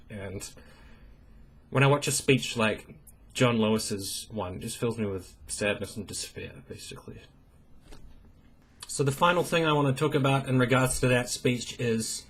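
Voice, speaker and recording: A man's voice: mid-range voice, fairly bright tone, breathy edge. A man giving a heated, profane political rant, mocking politicians in sarcastic impressions. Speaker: political commentator.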